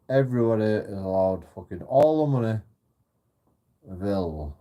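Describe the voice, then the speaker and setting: A man's voice: low voice, mellow. A man ranting profanely to camera in a repetitive monologue vlog. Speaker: channel host.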